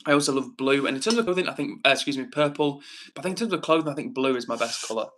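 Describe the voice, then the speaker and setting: Racing along with lively intonation, a young streamer with a mid-range, somewhat bright voice keeps up upbeat, casual chatter and reads viewer comments aloud.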